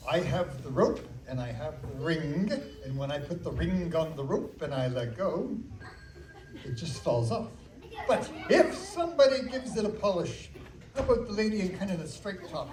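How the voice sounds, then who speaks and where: A male children's magician doing a playful, animated magic show and storytelling in a library, talking with the audience. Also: sits high, far from the mic. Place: public library room. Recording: echoey room from afar with kids.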